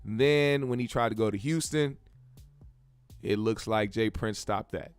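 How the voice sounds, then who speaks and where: A man's voice: lowish voice, unhurried, smooth, no room sound. A man hosting a show, giving laid-back, joking commentary full of profanity. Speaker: show host. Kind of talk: casual commentary.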